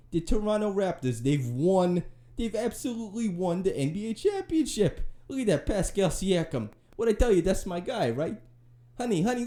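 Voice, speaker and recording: A man's voice: high-pitched, warm tone, pitched above the performer's own voice. A man voicing a giddy middle-aged male sports fan who gushes to his wife and talks over himself. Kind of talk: comic put-on character voice.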